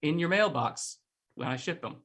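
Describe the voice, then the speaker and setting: A man's voice: fairly high pitch, expressive, fairly bright tone. Playful man doing a jokey ad read. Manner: playful, teasing, with quick asides. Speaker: cast member reading a sponsor plug.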